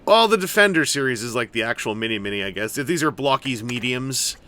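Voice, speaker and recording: A man's voice: mid-range voice, animated, a little fast, sharp tone. A man giving casual, rambling commentary while building and unboxing a collectible toy, with jokey asides. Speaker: toy reviewer.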